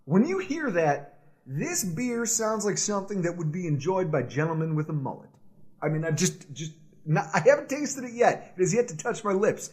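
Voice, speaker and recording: A man co-hosting a casual sports podcast, loud and playful, laughing often as he bantered. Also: high-pitched, sing-song, normal speed. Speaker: podcast co-host.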